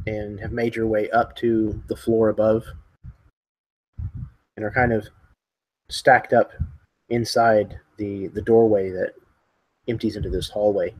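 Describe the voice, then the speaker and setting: A man running a tabletop zombie game as game master, narrating slowly and hesitantly. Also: fairly low pitch, a little mellow, breathy edge. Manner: slow, descriptive, hesitant.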